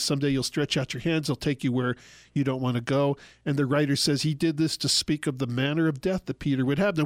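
A man explaining Bible passages in a relaxed radio talk, acting out the quoted dialogue as he goes. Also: fairly high pitch, no echo, clean studio sound. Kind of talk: conversational Bible teaching.

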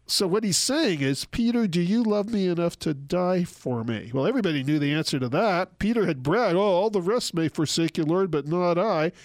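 A man's voice: on the high side, no echo, clean studio sound. Man teaching the Bible on radio. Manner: explanatory, acts out quoted dialogue.

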